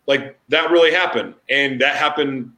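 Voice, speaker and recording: A man hosting a casual chat, telling candid stories in an animated way. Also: medium pitch, normal speed, reverberant.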